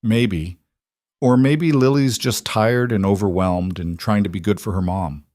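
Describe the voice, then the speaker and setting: A man voicing a calm, supportive woman who speaks in a steady, reassuring way. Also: on the low side, a little slow, dry recording, studio quality, lightly acted.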